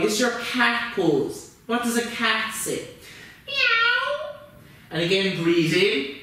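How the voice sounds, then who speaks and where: A man teaching a children's yoga class, guiding them gently and playfully with encouraging cues. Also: high voice. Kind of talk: guided yoga instruction for children. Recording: very echoey room, voice from a distance.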